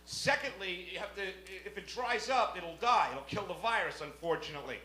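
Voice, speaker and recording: A stand-up comedian from the Bronx with a New York accent, telling a brash, profane story on a club stage. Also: male voice, high-pitched, animated, brisk. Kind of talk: stand-up set. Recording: echoey, noisy club recording. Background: audience laughter.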